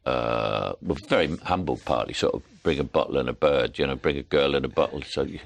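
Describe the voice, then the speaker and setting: A man's voice: a bass voice, a little fast, creaky. A man in his seventies with a Cockney accent, a guest chatting and telling anecdotes with frequent chuckles. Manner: chuckling storyteller, plays voices in anecdotes. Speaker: actor, guest. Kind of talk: anecdotal chat.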